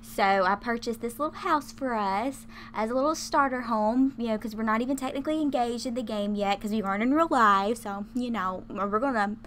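A woman's voice: on the high side, a little fast, few pauses, a bit bright, a little hiss or hum. Giggly young woman chatting over a game. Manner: chatty, giggly, lots of fillers. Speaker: gaming channel host. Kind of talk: casual game commentary.

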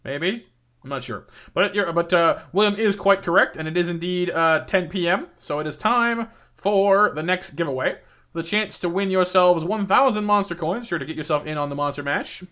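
A man's voice: high-pitched, normal speed, fairly bright tone. A man streaming live gameplay, chatting playfully with viewers and reacting to the game.

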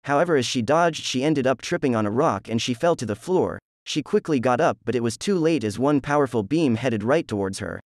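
A man reads fan fiction aloud in a flat, steady way, his voice sitting at an ordinary middle pitch. The sound is dry and close to the mic, with no room around it. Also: brisk, hardly any pauses, no room sound. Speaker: narrator.

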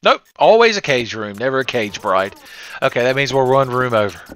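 A let's play host offers sarcastic, crude, joking commentary while playing a retro horror game, speaking fairly quickly in an animated, medium-pitched voice with a fairly bright tone. The recording comes through a slightly dull lo-fi mic with faint hiss.

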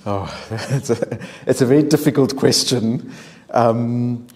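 A man, an author speaking as a guest on a discussion panel, answering in a halting way full of repeated words and restarts. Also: medium pitch, a little mellow, soft background music. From South Africa.

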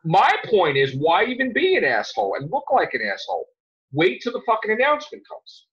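A man hosting a podcast, ranting angrily with lots of swearing and sudden loud outbursts. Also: high voice, huge pitch swings, fairly quick, breathy edge. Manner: heated, profane, jumps to loud outbursts. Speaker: podcast host. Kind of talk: angry podcast rant. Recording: dull lo-fi sound.

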